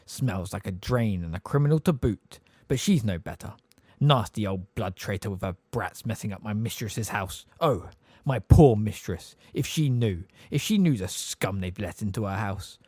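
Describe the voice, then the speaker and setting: A man voicing a hunched, spiteful old male house elf with a hoarse, deep voice, muttering resentfully under his breath. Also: expressive, moderate pace, darkish tone, no room sound. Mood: muttering, bitter.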